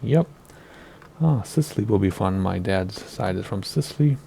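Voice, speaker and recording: A man's voice: fairly low pitch, lively intonation, moderate pace, creaky, dark tone, slight background noise. A man in his thirties hosting a flight simulator video in casual, rambling commentary. He hesitates and wavers over how to pronounce place names. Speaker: flight sim video host.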